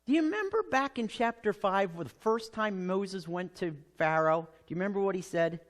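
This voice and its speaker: An American man preaching a sermon as pastor, telling the story with lively acted-out quotes. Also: high voice, normal speed. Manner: animated storytelling, acting out quotes.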